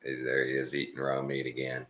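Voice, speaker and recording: A man's voice: a bass voice, completely flat delivery, fairly quick, a bit bright, reverberant, muffled recording. A Texan man casually rambling through a reaction video, searching aloud and retelling clips. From Texas. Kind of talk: casual commentary while watching clips.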